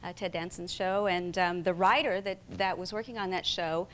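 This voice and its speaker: A woman from South Dakota in her forties, a talk show guest telling animated anecdotes and acting out the people she quotes. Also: moderate pace. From South Dakota, USA. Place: TV studio with audience. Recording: faint rumble, satellite TV capture.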